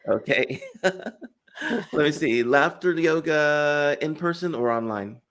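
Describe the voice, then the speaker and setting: A man hosting an interview show, enthusiastic and chatty, quick to laugh. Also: fairly high pitch, animated, a bit bright. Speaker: show host. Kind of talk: casual interview chat.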